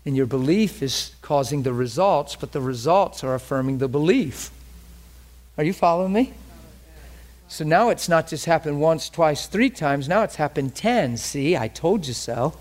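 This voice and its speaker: A man's voice: a little high, expressive, normal speed, darkish tone. A man preaching a sermon in a conversational storytelling manner, often checking that his listeners follow him.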